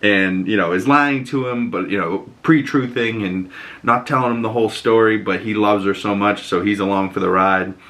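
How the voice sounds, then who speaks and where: Lower-voiced young guy, chatty. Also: moderate pace, a bit bright. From Boston. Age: 20s. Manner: chatty and enthusiastic, heavy on "you know" and casual swearing. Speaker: movie reviewer. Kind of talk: casual vlog movie review.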